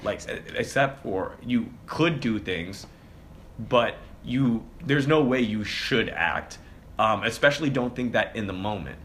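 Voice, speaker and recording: Bright-voiced, opinionated man, lightly hissy. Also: fairly low pitch, expressive, a little slow. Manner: opinionated, reflective, with fillers. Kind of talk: casual conversation.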